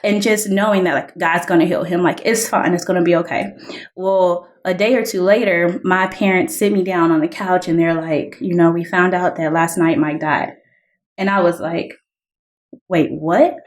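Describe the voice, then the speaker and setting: A woman guest talking through a personal testimony in an earnest, conversational way. Her voice sits a little low for a woman, and she leans on "like" as she goes. She jumps up in pitch when she acts out what people said. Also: fairly even intonation, normal speed. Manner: earnest, heavy use of "like" fillers; reenacts dialogue in raised voices. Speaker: podcast guest.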